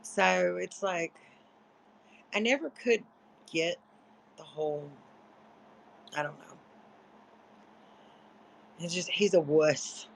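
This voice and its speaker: Sleepy, gravelly woman chatting on a livestream. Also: fairly low pitch, slow, long pauses, a little hiss or hum, poor audio. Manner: chatty, rambling, salty and profane. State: sleepy, yawning. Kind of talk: casual late-night livestream chat.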